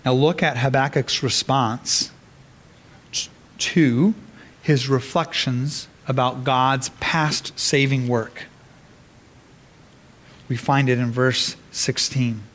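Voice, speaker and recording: A man's voice: medium pitch, fairly even intonation, takes it slowly, pauses often, fairly bright tone. A man preaching an earnest sermon as pastor, often restarting words as he explains a scripture passage.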